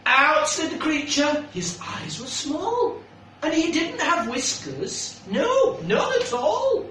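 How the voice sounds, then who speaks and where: A man reading a picture book aloud to children, animated and asking the child questions as he goes. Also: extremely high pitch, slow, slight background noise. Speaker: storyteller. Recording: echoey room, mic far off.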